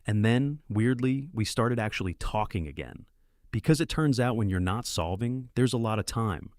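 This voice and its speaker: A man narrating a first-person story in a measured, plain way. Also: medium pitch, animated, darkish tone, no echo, studio quality.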